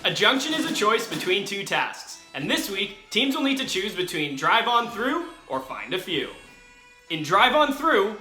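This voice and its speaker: A man narrates a game show in a very bright, tense voice with a high, lively pitch. He sets out each rule crisply and clearly. The voice sits in a roomy space with music under it. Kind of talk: scripted narration.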